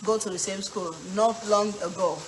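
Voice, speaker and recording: Cooking live in her home kitchen, a woman from Africa chats with her stream and reads viewer comments aloud. She speaks at a normal speed in a mid-range voice with fairly even intonation. The background is noisy, and the kitchen echoes with sizzling, frying and stirring.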